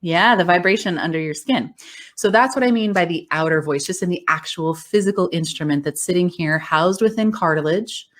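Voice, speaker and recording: A woman speaking as a voice coach, her voice sitting a little low for a woman. She explains things in an encouraging, conversational way and laughs easily along the way. The tone stays friendly and instructive. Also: fairly quick. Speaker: voice coach and speech-language pathologist. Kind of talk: conversational interview.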